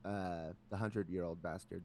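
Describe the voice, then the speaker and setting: A man's voice: deep voice, fairly even intonation, moderate pace, darkish tone, slight background noise. A man hosting a casual podcast, joking around and reading out questions with pointed follow-ups. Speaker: podcast host.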